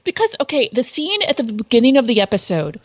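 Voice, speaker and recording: Female podcast guest, slightly higher voice, candid, dull dry remote line. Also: very animated, fast talker, no echo. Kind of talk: casual podcast chat.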